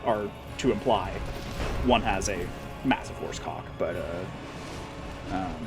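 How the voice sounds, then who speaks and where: A man's voice: sits low, slow, over loud music. A man livestreaming and reading chat, rambling casually with wry, profane humor and lots of fillers.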